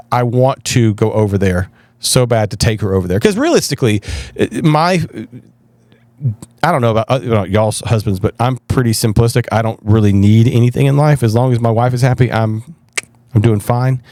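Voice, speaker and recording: A man, a pastor guest telling stories in an animated, self-deprecating way in a casual interview. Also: medium pitch, moderate pace, no room sound. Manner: animated, self-deprecating storyteller with frequent restarts.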